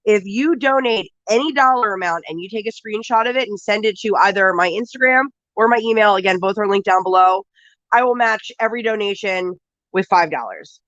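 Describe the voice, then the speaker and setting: A woman's voice: medium pitch, a little fast, fairly bright tone, no echo, lo-fi sound. A woman with a cold, sniffly, hosting a casual live stream from home and chatting and greeting viewers one by one.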